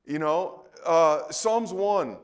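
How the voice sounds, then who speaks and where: High-voiced animated male preacher. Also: drawn-out words, clean tone. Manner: animated, rhetorical questions, swings between soft and loud; conversational, repeats words. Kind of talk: sermon.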